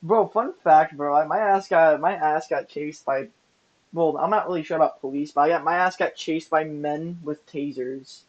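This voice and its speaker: A man in a casual podcast chat, telling a wild story in an excitable, profane way, often laughing. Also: on the high side, normal speed. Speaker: podcast co-host. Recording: muffled lo-fi audio.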